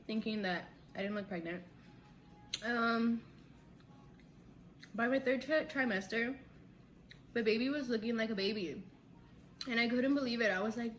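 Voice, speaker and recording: A young woman vlogger telling a story in casual chat, animated, often laughing and acting out quotes. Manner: animated, acts out quotes with big pitch jumps; laughs between lines, says "like" a lot. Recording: faint background noise.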